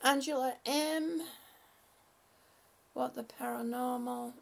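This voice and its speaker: A woman hosting a livestream, chatting haltingly and affectionately with her viewers, often restarting her sentences. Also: high-pitched, steady tone, vocal fry. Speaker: livestream host. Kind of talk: casual livestream chat with viewers.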